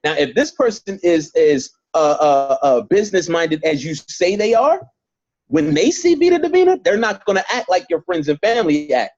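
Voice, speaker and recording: A man's voice: fairly high pitch, lively intonation, moderate pace, few pauses, highs cut off. A man leading a network marketing training on a video call, emphatic and repetitive, speaking straight to his group. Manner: emphatic, repeats points, talks straight to the group.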